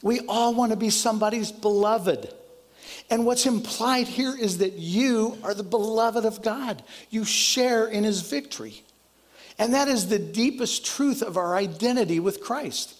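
A man preaching a sermon as pastor, earnest and conversational, often restarting his sentences. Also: a little slow. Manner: lowers voice to a soft, quiet prayer.

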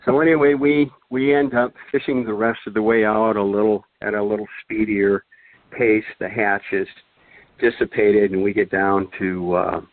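Older guy rambling thru a fishing story, lowish voice, thin phone-line sound. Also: level tone, moderate pace, no echo. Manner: rambling, many fillers and restarts. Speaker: guest storyteller. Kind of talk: casual anecdote telling.

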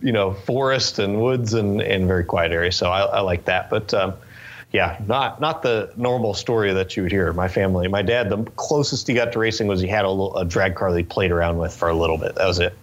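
A man in his twenties from Northern California, telling stories in a relaxed interview chat with lots of fillers and restarts. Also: deep voice, a little fast. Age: 20s. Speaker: interview guest, race car driver.

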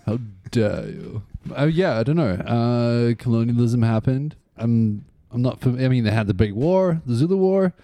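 A man's voice: mid-range voice, animated, normal speed, hardly any pauses, dark tone, dry recording. A man from South Africa co-hosting a casual podcast, joking and teasing in a mock-offended way. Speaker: podcast co-host. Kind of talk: casual banter.

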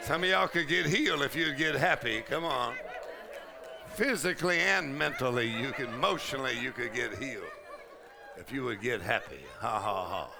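A pastor delivers a charismatic sermon in a large conference hall, his creaky voice at medium pitch and moderate pace. He shouts and laughs loudly as he preaches, using Southern colloquial speech.

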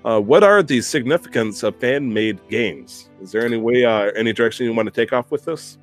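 A young man spins a rowdy anecdote for his podcast, swearing freely and poking fun at himself. He talks at an easy middle pitch, and soft music sits faintly underneath. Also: brisk. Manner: animated, profane, self-mocking storytelling. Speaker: podcast host. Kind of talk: casual storytelling chat.

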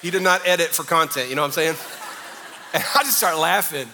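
A man's voice: a little high, a little fast, bright, forceful tone, in a large hall, a little hiss or hum. Man preaching with joking, chatty humor. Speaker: pastor. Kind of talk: sermon.

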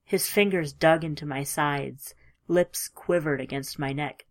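A woman reading a first-person story aloud in a measured, emotive way, dropping at times to a hush. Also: sits low. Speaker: audiobook narrator. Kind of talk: scripted audiobook narration.

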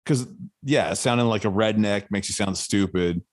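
A man hosting a loose podcast conversation, with a lowish voice recorded dry and close. He swears freely and laughs often. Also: moderate pace, no room sound. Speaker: podcast host. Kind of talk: casual podcast chat. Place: Nashville.

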